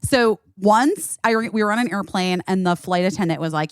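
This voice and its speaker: A woman from Los Angeles hosting a podcast, telling stories in an animated, casual way. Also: medium pitch, moderate pace, no echo, clean studio sound. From Los Angeles, USA. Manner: animated storyteller. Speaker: podcast host. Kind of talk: casual chat.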